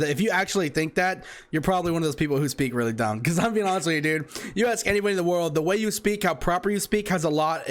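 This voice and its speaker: A man from Texas co-hosting a casual sports podcast, blunt, profane and opinionated. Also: fairly high pitch. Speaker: podcast co-host.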